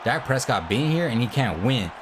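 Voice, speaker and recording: A young man giving casual, excitable commentary over his own football video game, swearing and hyping the plays. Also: mid-range voice, normal speed, a crowd in the background. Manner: excitable, swears a lot, laughs and shouts at big plays. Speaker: gaming video creator. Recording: music bed under the voice.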